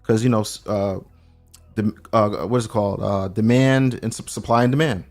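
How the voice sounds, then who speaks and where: A man from New York with a New York accent, chatting casually as a guest and telling animated stories in loose slang. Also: on the low side, normal speed, soft background music. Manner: animated storyteller, acts out quoted voices, loose slangy talk. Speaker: podcast guest. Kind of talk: casual chat. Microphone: remote call.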